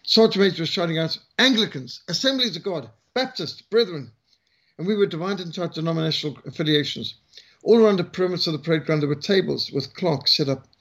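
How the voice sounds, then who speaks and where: A man's voice: a little high, vocal fry, fairly bright tone. A South African man in his sixties, a missionary speaker telling his life story in a conversational way, with frequent fillers. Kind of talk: testimony talk, storytelling.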